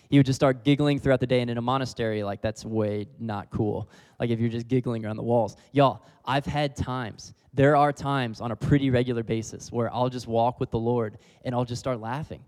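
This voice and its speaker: Young guy preaching, chatty and laughing a lot, mid-pitched, big hall echo. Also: darkish tone. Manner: casual, laughs often, leads the crowd in repeating lines. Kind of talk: sermon. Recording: long hall reverb.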